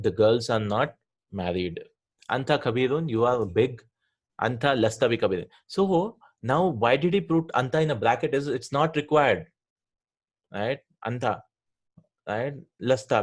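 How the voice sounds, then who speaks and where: A man at a middle pitch walks students through grammar, pausing with "right?" and "hmm?" after each point. He is patient and methodical, repeating forms slowly so they sink in. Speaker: Arabic grammar teacher.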